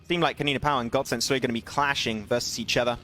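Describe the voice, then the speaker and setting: A young man casting an online shooter match alone, excitable, his voice jumping up on big plays and laughing at himself between calls. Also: mid-range voice, rapid-fire, background noise. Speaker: esports caster streaming solo. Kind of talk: live game commentary with chat asides.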